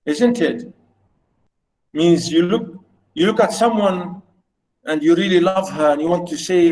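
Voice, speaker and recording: A high-pitched man lectures on poetry over a video call, unhurried and halting, full of fillers and restarts. He lingers over verse lines with fond, slow reading. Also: darkish tone, rough recording. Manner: reads poetry slowly and fondly. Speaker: literature teacher. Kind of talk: online lecture.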